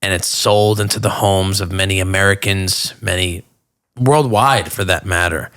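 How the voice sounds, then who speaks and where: A man's voice: low voice, moderate pace, fairly bright tone, clean tone. A man hosting a podcast, asking long, rambling questions and reacting with eager enthusiasm. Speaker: podcast host. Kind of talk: casual podcast interview.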